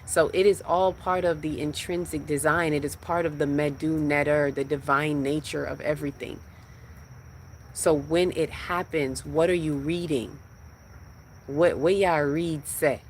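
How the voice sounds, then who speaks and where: Low-voiced woman preaching spiritual teachings. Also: steady tone, normal speed, a little hiss or hum. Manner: rhythmic, repetitive preaching cadence. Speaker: spiritual livestream host.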